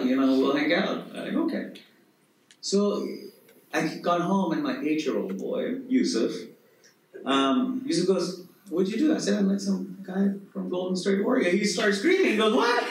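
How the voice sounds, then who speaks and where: A middle-aged man from Pakistan with a Pakistani accent, telling lively stories on stage at a conference and often laughing. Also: fairly high pitch, very echoey, distant mic, slight background noise, rough recording. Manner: animated, laughing, acts out quoted voices. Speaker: conference speaker. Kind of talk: storytelling talk on stage. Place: conference hall.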